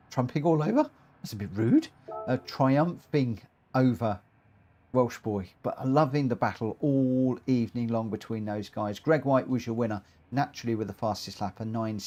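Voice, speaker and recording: Speaking in a mid-range voice, a man streams a racing game live. His excited, rambling commentary often stumbles as he trips over his words.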